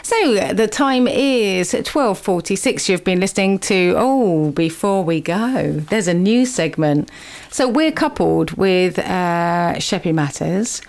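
A woman's voice: fairly low pitch, animated, slow pace, darkish tone. A woman hosting a community radio chat show, chatty and upbeat, laughing easily with her guests.

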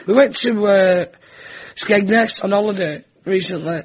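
A young comedian, a guest on a talk show, tells funny family stories and acts out the voices, speaking in a high-pitched tone at a slightly slow pace. The chat-show banter comes through a dull, lo-fi broadcast with an audience present.

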